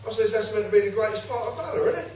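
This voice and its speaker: A man with a high, lively voice tells an animated story, acting out every part and swearing freely. He is recorded by a camera from across a very echoey room, with faint noise underneath. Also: rapid-fire, recorded from a distance. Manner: animated, swearing, acts out both sides of his stories. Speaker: speaker giving a public talk. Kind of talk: storytelling to a live audience. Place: home, recorded in a reverberant room. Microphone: far camera.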